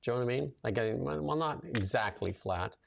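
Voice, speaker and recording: Hosting a casual livestream chat, a man talks briskly in a mid-range voice with vocal fry. As a show host and commentator, he's loose and chatty, filling his lively storytelling with lots of fillers.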